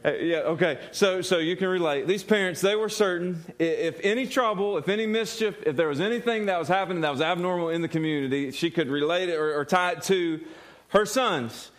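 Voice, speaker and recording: A man's voice: high-pitched, fairly quick. A male pastor preaching a sermon earnestly, often repeating words and putting questions to the congregation.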